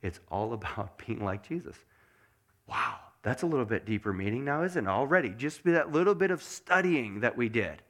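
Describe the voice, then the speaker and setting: A man preaching a sermon as pastor, asking the congregation many questions and dropping to a soft mutter to show meditation. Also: medium pitch, normal speed. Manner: animated, asks the congregation lots of questions; drops to a soft mutter when showing meditation.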